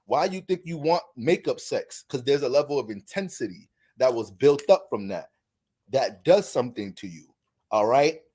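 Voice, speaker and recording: A man's voice: medium pitch, normal speed, breathy edge. A man who hosts an astrology channel, talking in a casual, profane, rambling monologue. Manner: profane, animated, rambling, restarts often. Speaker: astrology content creator.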